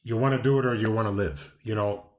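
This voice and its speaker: A man hosting a chat show, talking deliberately with dry, wry asides. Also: on the low side, steady tone, slight background noise. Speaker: podcast host. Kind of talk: casual interview chat.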